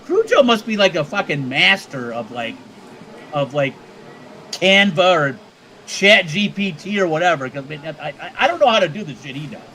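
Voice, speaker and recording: A man's voice: on the high side, big pitch swings, normal speed, bright, forceful tone, low-quality recording. A man co-hosting a casual livestream chat, rambling and joking with many stammered restarts. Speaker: co-host.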